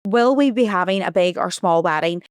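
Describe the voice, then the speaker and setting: A young woman talks through a story on her podcast, rambling and restarting as she goes. Her voice is smooth and clear, recorded close and dry. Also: lowish voice, normal speed, no echo. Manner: chatty, rambling, with frequent restarts and "like". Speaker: podcast host. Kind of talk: casual storytelling monologue.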